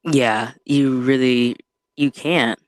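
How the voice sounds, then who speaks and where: A woman co-hosting a podcast in casual chat, talking in a relaxed, unhurried way with frequent laughter and slangy asides. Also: rumbling low, no room sound. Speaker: podcast co-host.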